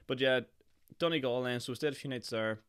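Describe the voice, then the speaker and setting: Hoarse young Northern Irish man, chatty. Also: medium pitch, fairly quick, fairly bright tone. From Northern Ireland. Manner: chatty and jokey, with frequent laughs and fillers. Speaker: podcast host. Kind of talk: casual solo podcast chat.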